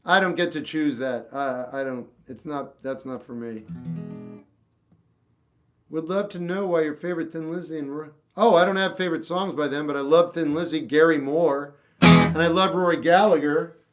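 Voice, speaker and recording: A man with a slightly high voice chats casually on a livestream from his room at home. He answers viewers bluntly and with strong opinions, speaking off the cuff. Faint music plays behind him. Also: moderate pace. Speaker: livestream host answering chat. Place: home room with a record collection.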